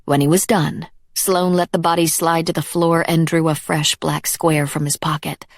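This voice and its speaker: A woman narrating a dark fantasy audiobook in a measured, even storytelling manner. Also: low-pitched, no room sound, studio quality. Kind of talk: scripted narration.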